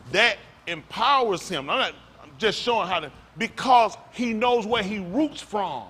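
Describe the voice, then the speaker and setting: A male pastor preaching loudly and quizzing his congregation, asking questions and calling on listeners. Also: sits high, breathy edge. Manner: loud, rhetorical, questions the congregation. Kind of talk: sermon with audience back-and-forth. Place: congregation hall.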